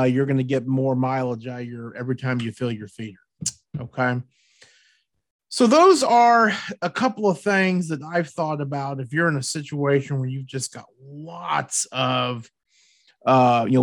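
A man's voice: mid-range voice, no echo, studio quality. A man hosting a hunting show, talking in a folksy, repetitive, pushy way. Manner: folksy, repeats words, pushy about tips. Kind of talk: casual podcast chat.

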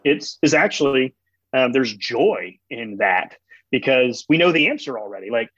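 Male guest, husky tone, earnest and explanatory, dull dry recording. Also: mid-range voice, expressive, normal speed, fairly bright tone, dry recording. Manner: earnest, explains through family stories. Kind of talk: conversational theological explanation.

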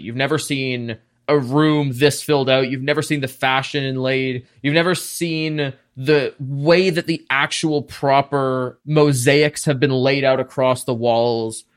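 A man narrating a tabletop role-playing game as game master, describing scenes at length in a lively way. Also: mid-range voice, measured pace.

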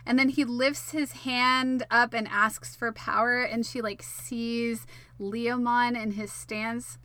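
A woman's voice: on the high side, fairly even intonation, slow pace, bright, forceful tone, no echo. A woman giving a casual episode recap, full of fillers, wry asides and the odd swear word. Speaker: show recapper.

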